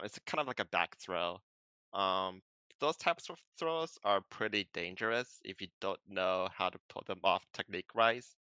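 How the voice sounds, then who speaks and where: A man in casual conversation, explaining judo throws in a relaxed way with plenty of ums and likes. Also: deep voice, clean tone, no echo. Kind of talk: casual chat.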